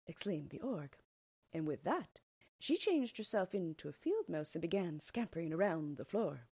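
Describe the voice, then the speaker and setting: A woman reads a fairy tale aloud in an animated storybook manner. Her voice sits low and has a husky edge, and her pitch moves widely. The recording is close and dry. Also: normal speed, dry recording. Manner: expressive, animated reading.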